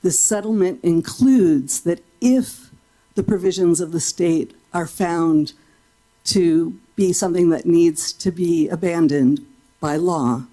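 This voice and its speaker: Woman, warm lower voice, measured public comment at a board meeting. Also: poor audio. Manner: measured and reasoned. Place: school board meeting room.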